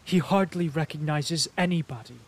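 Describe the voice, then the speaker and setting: A man's voice: fairly high pitch, normal speed. Man putting on a tearful scheming princess. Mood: plaintive. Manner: pleading, tearful, dramatic. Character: anxious scheming aristocratic mother, middle-aged woman. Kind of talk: audiobook character voice.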